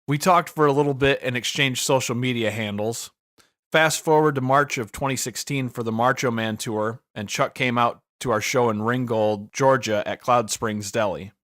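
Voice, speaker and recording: A man's voice: mid-range voice, moderate pace, a bit bright, dry recording, studio quality. A man hosting a podcast, reading a scripted introduction of his guest as a plain story. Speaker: podcast host. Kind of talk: scripted narration.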